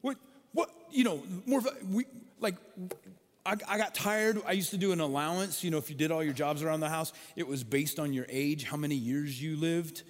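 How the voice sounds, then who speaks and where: A male pastor preaching a sermon, telling stories in an animated way and acting out the voices in them. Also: a little high, fairly quick. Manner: animated storytelling, acts out quoted voices. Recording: long hall reverb.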